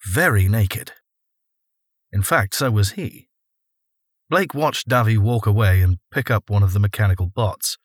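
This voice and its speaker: A low-voiced male narrator reads a scripted audiobook. The sound is clean studio quality with no room sound.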